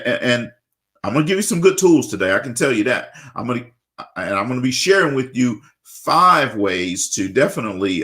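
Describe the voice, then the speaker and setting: A man hosting a radio talk show, energetic and repetitive, often tagging on questions. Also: medium pitch.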